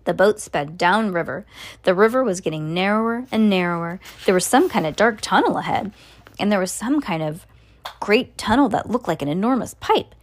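A woman's voice: mid-range voice, animated, normal speed. A woman reading a children's book aloud in a casual way, correcting slips and adding asides. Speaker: reader.

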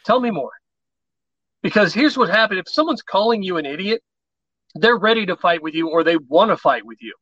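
A podcast guest with a high, bright male voice explains his methods for calm conversations. He slips into quoted back-and-forth lines as he goes. The sound is dry and a little muffled. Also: fairly quick, dry recording. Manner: animated storyteller, acts out quoted exchanges. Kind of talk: conversational advice on persuasion.

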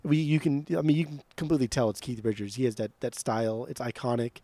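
A man's voice: mid-range voice, fairly even intonation, fast, warm tone, dry recording. A man co-hosting a podcast in casual chat, giving blunt, profane opinions with lots of emphasis. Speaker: podcast co-host.

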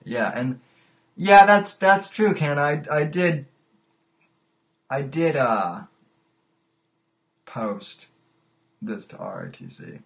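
A man hosts a casual livestream call-in show, speaking slowly and unhurriedly. He stammers often and repeats words as he goes. His voice sits a little above the usual male pitch. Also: huge pitch swings, creaky. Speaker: podcast host.

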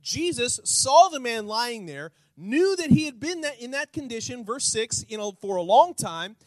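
A man pastor preaching a sermon, animated, asking the congregation rhetorical questions and acting out little scenes. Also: extremely high pitch, moderate pace, no room sound, low-quality recording.

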